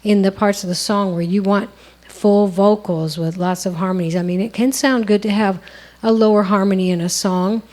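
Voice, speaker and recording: A woman's voice: mid-range voice, fairly even intonation, moderate pace, darkish tone. A woman co-hosting a songwriting lesson, explaining step by step in a conversational way. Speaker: songwriting co-host. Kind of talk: instructional conversation.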